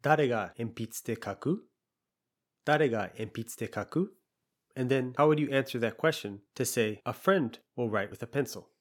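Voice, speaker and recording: Man, language teacher, patient, clear explanations, medium pitch. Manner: patient, explanatory, repeats example phrases slowly. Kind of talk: language lesson podcast.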